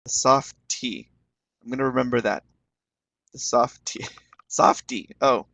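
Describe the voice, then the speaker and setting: A man's voice: medium pitch, measured pace, creaky, a bit bright, dry recording. A man leading an online teaching webinar, encouraging the class and repeating words as he explains them. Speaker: webinar instructor.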